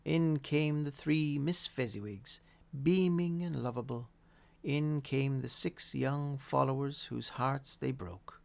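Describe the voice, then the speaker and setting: Slow gravelly male storyteller. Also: medium pitch. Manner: measured, expressive reading. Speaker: audiobook reader. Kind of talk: storybook narration.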